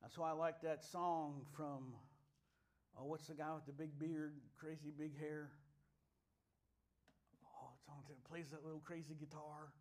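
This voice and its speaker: Middle-aged male pastor, high voice, chatty sermon storyteller. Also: level tone, measured pace, pauses often. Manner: chatty and storytelling, rising to loud exuberant preaching.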